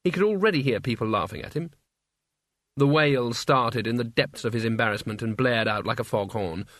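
A man reads an audiobook in a measured, wry storyteller's voice. His pitch sits in an ordinary middle range. The recording is dry and close, with no room sound. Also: expressive, fairly bright tone, dry recording. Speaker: narrator. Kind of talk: audiobook narration.

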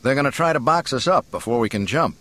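A man reading an audiobook voices a cocky young male starship pilot in a brash, quick-tongued way. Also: mid-range voice, animated, fairly bright tone, voice pushed up, lightly acted.

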